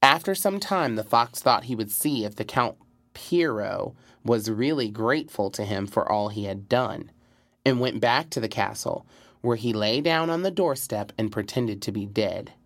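A man narrating a fairy tale in a measured, expressive storybook reading. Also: lowish voice, no echo.

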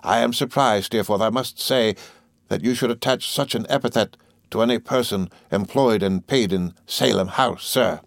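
A man voicing a pompous, angry older male headmaster who talks slowly and blusters. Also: lowish voice, vocal fry, dry recording, studio quality. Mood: blustering.

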